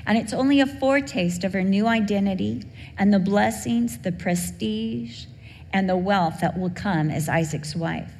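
Brief: middle-aged woman preacher, heartfelt storytelling, mid pitch, big room. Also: normal speed, a little mellow. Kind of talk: sermon with personal story. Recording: long hall reverb, faint background hum.

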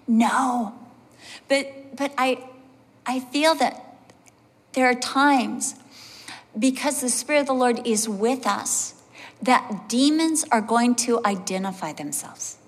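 A woman pastor preaching a sermon, telling animated personal stories and acting out the voices of the people in them. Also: fairly high pitch, takes it slowly. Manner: animated storyteller, acts out voices, laughs along. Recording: long hall reverb.

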